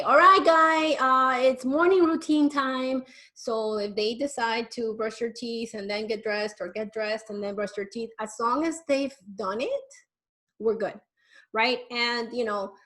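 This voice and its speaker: Fielding viewer questions in a live advice session, this Miami woman, a parenting educator, keeps things chatty and sometimes plays out how parents and children might sound. Her pitch runs on the high side.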